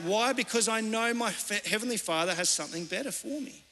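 A man's voice: high-pitched, brisk, bright, forceful tone. A man, a pastor giving a sermon in an earnest, conversational storytelling way. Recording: reverberant church hall.

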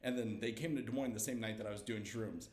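A young man telling a story as a guest, lively and laughing, acting out the quotes. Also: lowish voice, quick pace, echoey room, slight background noise. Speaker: comedian guest. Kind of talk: animated storytelling.

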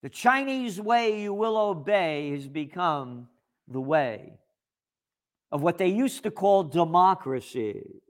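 A man's voice: sits high, animated, slow pace. A man ranting in political commentary, sarcastic and emphatic.

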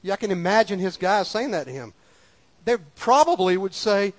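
A man's voice: high-pitched, lively intonation, moderate pace. A man preaching a sermon in a folksy, conversational way, repeating lines for emphasis. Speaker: pastor.

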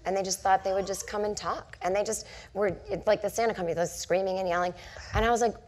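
A woman's voice: medium pitch, fairly even intonation, fast talker, a little mellow, a little hiss or hum. A woman in her forties, a comedian and author, telling rambling self-mocking stories in an onstage conversation before a live audience. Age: 40s. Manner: chatty storytelling full of "like" and self-mocking asides.

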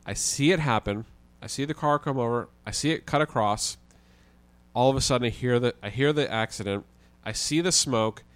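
A man, a guest on a podcast, telling a story in a casual, animated way with the odd swear word. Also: medium pitch, moderate pace, no room sound. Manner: animated, vivid retelling with occasional swearing.

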